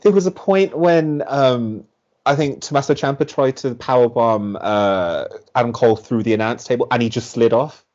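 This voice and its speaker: A man co-hosting a casual podcast, rambling and animated and full of fillers. His voice sits at a middling pitch for a man. The recording sounds muffled and lo-fi. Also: moderate pace. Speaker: podcast co-host.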